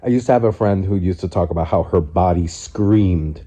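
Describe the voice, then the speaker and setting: In a casual mukbang vlog recorded on his phone, a vlogger in his forties eats on his living room couch and talks with reflective candor, restarting loosely. His voice is low-pitched and mellow, at a moderate pace.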